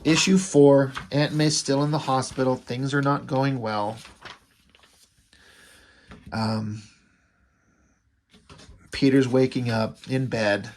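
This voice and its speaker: Rambling middle-aged comic book reviewer. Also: male voice, mid-range voice, level tone, slow pace, pauses often, a little hiss or hum. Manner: rambling, hesitant, with many fillers and restarts. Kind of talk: casual vlog commentary.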